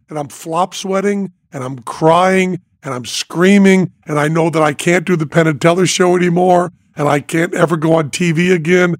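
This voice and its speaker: An older man hosting a podcast, telling a story in a lively way, dropping quiet and then rising almost to shouting. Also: a little high, normal speed, few pauses, no echo, clean studio sound. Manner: animated, swings from quiet to near-shouting when acting out panic. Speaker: podcast host, magician and comedian.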